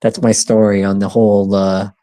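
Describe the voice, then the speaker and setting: A man's voice: on the low side, flat delivery, normal speed, mellow, no echo. A man in his thirties telling a rambling, profane story in casual podcast chat, acting out the voices of people he quotes. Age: 30s. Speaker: podcast co-host.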